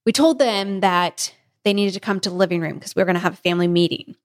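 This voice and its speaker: A pregnant woman co-hosting a podcast, telling a story in a casual, animated way with frequent laughs. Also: lowish voice, quick pace. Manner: animated, laughing often, acting out family members' lines. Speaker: podcast co-host.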